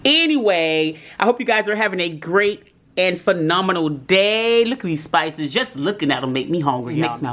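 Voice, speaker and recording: A woman talking casually to her viewers as she cooks in a home kitchen, chatty and quick to laugh. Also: on the low side, animated, a bit bright. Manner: chatty, laughs often, talks straight to viewers. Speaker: cooking vlogger. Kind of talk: casual cooking chat to viewers.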